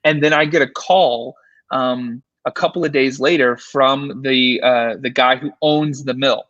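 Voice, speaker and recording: A man, a paranormal investigator, telling an animated story in a casual interview, full of fillers and restarts. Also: mid-range voice, a little slow, no room sound, highs cut off. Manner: excited, filler-heavy, animated retelling.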